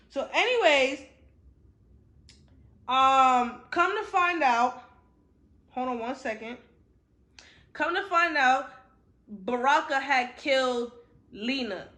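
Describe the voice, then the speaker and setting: A woman's voice: high voice, animated, measured pace, pauses often, bright, forceful tone. Chatty slangy woman in an echoey room. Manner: chatty and slangy, with frequent swearing. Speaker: book reviewer. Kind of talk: casual book recap. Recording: roomy echo.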